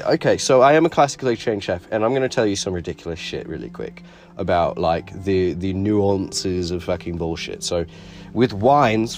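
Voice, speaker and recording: Low-voiced male podcast host, lively delivery, fake British accent, crude rambling banter over light guitar. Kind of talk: casual chat.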